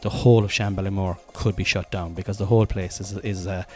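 Speaking quickly in a deep, slightly mellow voice with fairly even intonation, this thirtysomething Cork comedian rambles casually through his podcast. The monologue is loose and self-deprecating, full of fillers and restarts, with faint music in the background.

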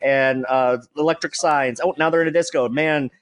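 The voice is a little high, smooth, and fairly even in intonation; it's a man who's a regular on a comedy show. Frantically describing a music video live, he stammers and hurries, exasperated, cursing and laughing.

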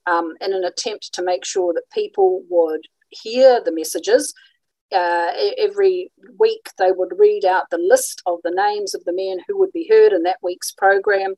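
A woman's voice: medium pitch, fairly even intonation, a little slow, warm tone, no room sound, poor audio. Conversational woman giving a history talk. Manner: conversational, with frequent ums and restarts. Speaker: presenter on radio history. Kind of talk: informal illustrated talk.

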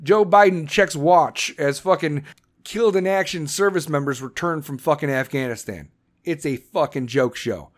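A man hosting a podcast, ranting angrily and swearing constantly, with shouted bursts, then reading sponsor ads in the same blunt, profane way. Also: fairly high pitch, normal speed. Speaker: podcast host. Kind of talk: profane political rant and ad read.

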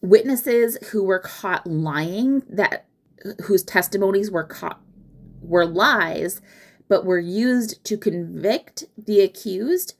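A woman's voice: mid-range voice, slow, vocal fry. A woman hosting a history podcast, telling the story casually and acting out quoted lines in mock voices.

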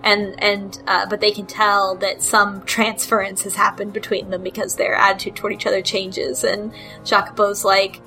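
A woman's voice: mid-range voice, little pitch movement, normal speed, pushed and bright, faint music behind, rough recording. A woman in casual chat, animatedly retelling a story game and laughing often. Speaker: podcast co-host recapping a story game.

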